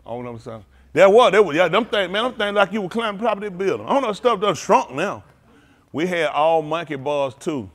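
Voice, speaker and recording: Brisk and high-pitched, with big swings in pitch, a pastor talks loosely to his congregation. He teases them in playful, drawling slang throughout his joking sermon.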